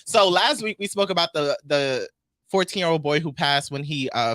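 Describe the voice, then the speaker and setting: Man from queens, animated podcast co-host, lively swinging pitch, dry close sound. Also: dry recording. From Queens, New York. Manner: animated, profane, reads news stories aloud. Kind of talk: casual chat.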